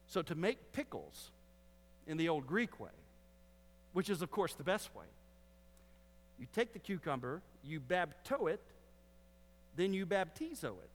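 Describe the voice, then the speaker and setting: A man's voice: high-pitched, big pitch swings, measured pace, pauses often. A man preaching a sermon as a Baptist pastor, teaching with joking asides to the congregation. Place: church sanctuary. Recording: long hall reverb.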